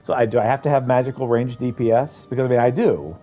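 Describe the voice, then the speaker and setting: A man's voice: mid-range voice, quick pace, phone-quality sound, soft background music. A man streaming a video game, chatting casually and thinking aloud as he rambles through it. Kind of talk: casual gameplay commentary.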